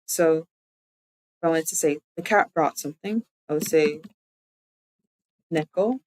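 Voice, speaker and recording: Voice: medium pitch, slow, poor audio. A streamer giving a casual live-stream lesson, explaining loosely with lots of "like" and thinking aloud. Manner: chatty, loose explanations full of "like"; self-correcting, thinking aloud. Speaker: streamer teaching language.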